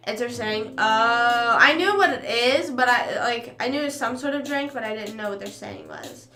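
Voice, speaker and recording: A young woman chatting on her live stream, telling a story in a high, bright voice and slipping into the voices of the people in it. She fills her talk with "like". The room sounds echoey, with faint music underneath. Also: steady tone, brisk. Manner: chatty, lots of "like", acts out quoted people. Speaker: livestream host. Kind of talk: casual storytelling chat.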